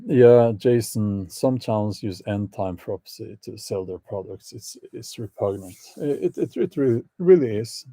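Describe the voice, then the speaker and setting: The speaker is a male channel host answering live chat, hesitant and full of fillers, with wry commentary and plenty of laughs. His gravelly voice is lowish and warm, expressive, a little slow yet with hardly any pauses, and recorded without echo.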